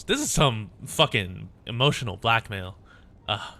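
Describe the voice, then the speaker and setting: A man's voice: lowish voice, animated, a little slow, pushed and bright. A man streaming, casually reacting while reading out a game story, swearing freely.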